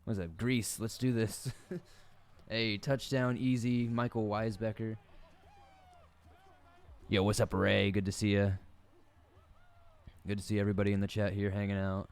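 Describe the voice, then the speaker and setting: Laid-back male game streamer from the Southern US; low, smooth voice, joking commentary. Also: little pitch movement, moderate pace, long pauses. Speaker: gaming streamer. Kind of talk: casual gaming commentary.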